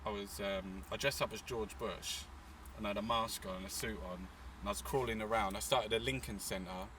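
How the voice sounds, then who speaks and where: A man's voice: on the low side, fairly even intonation, fairly quick, distant mic, noisy background. A man from England, an artist and activist, telling stories in a rambling, swearing, casual interview outdoors in a city. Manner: rambling, swearing, full of fillers.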